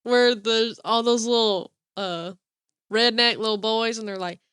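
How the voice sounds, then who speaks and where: Woman, bright tense voice, a bit high, animated casual co-host. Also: unhurried, clear, resonant tone, no echo, studio quality. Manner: animated, laughs and quotes scenes. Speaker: podcast co-host. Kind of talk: casual chat.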